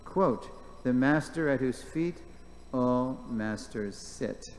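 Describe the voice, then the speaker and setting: A man's voice: medium pitch, slow, darkish tone. Guy giving a temple class, reads quotes and jokes around, roomy echoey hall, bit of noise. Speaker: class presenter. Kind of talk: reading aloud and commenting in a class.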